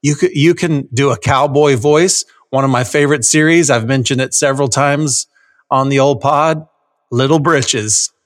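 A man co-hosting a podcast in casual chat, animated and quick to laugh. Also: medium pitch. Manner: animated, laughs often, stumbles on restarts. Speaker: podcast co-host.

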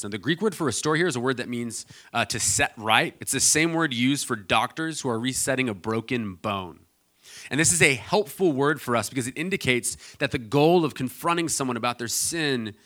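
Pastor guy telling a story in his sermon, bright voice, lots of uhs. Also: mid-range voice, animated, moderate pace. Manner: storytelling, conversational with many fillers.

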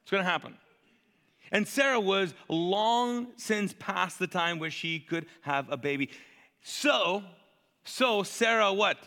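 A male pastor preaching in a chatty, animated way, asking the congregation to fill in words. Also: high-pitched, slow, long reverb tail. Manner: conversational, animated, asks the crowd to fill in words. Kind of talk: sermon.

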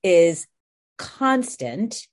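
A middle-aged woman speaking earnestly and softly as a guest in a reflective conversation, often restarting her words. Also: on the low side, big pitch swings, drawn-out words. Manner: soft-spoken, earnest, with frequent restarts.

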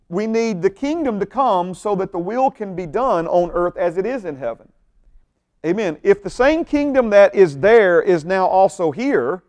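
Male pastor, slightly high voice, emphatic sermon delivery with frequent repetitions and audience check-ins. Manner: emphatic, repeats words, asks the audience questions.

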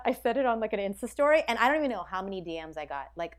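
An American woman, a guest on a podcast, speaks quickly in a mid-range voice. She chats in a casual, reflective, animated way, filling her talk with "like" and frequent restarts.

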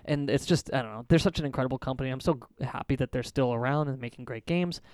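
A young man co-hosting a casual podcast chat, animated and rambling as he tells stories, laughing often. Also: medium pitch, quick pace, no room sound, studio quality. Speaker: podcast co-host.

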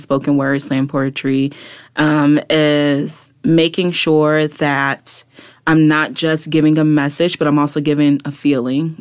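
A woman guest, a poet and activist, talking reflectively in an interview, often tagging her thoughts with "right?" and "like". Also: deep voice. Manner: reflective, many fillers like "like" and "right?". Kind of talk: conversational interview.

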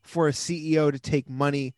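A man's voice: a little high, fairly even intonation, fairly quick, no room sound, clean studio sound. A man co-hosting a podcast in casual chat, arguing his points in an opinionated way. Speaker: podcast co-host.

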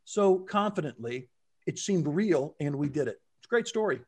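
A man telling a story in casual conversation, acting out quotes with lively jumps in his voice. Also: moderate pace, slightly rough. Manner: animated, acts out quotes with big pitch jumps.

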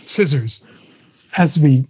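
Older male guest, husky, rambling and chuckling, on a dull lo-fi recording. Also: on the high side, expressive, takes it slowly. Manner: digressive, many restarts, chuckling. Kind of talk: casual interview chat. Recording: dull lo-fi audio.

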